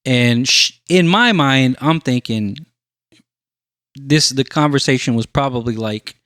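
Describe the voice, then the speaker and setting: A man's voice: medium pitch, normal speed, fairly bright tone, no room sound. Male podcast host, casual storyteller, acts out quoted voices; dry, close sound.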